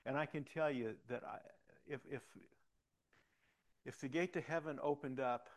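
A man's voice: medium pitch, normal speed. A middle-aged man preaching a sermon, telling personal stories with many restarts and rising to emphatic calls to the congregation. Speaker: pastor.

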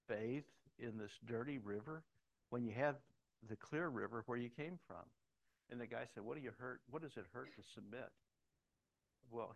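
A man's voice: medium pitch, muffled recording. Middle-aged pastor, man, preaches in a chatty storytelling style and gets emphatic. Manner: conversational storytelling, emphatic at points. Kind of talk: sermon with personal stories.

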